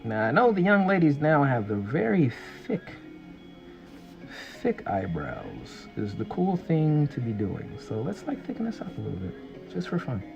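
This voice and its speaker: A man casually chatting and rambling excitably on a livestream while he draws. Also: fairly high pitch, measured pace, creaky, dull audio, music in the background. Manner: rambling and excitable, full of fillers. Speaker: artist streaming a drawing session.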